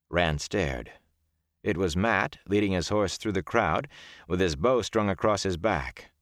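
A man narrating a fantasy audiobook in steady, descriptive storytelling. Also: low-pitched, measured pace, dry recording, clean studio sound. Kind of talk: scripted narration.

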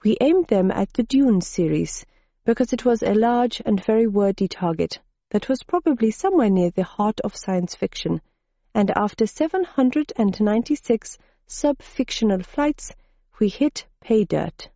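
A woman's voice: mid-range voice, lively intonation, normal speed, mellow, no room sound, lo-fi sound. A woman voicing a tall, earnest Swedish woman scientist who explains technical things politely, in a Swedish accent.

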